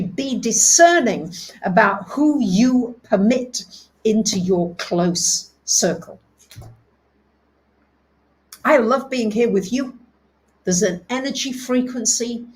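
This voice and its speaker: A woman hosting a live astrology talk, speaking, reading out viewers' comments and dropping soft and low for calm affirmations. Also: poor audio. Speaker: astrology host.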